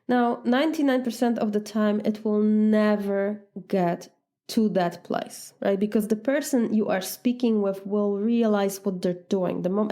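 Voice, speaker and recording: Polish-accented woman life coach, warm mellow tone, earnest and direct, mid pitch. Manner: earnest, direct, acts out sample dialogues. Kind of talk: coaching podcast talk.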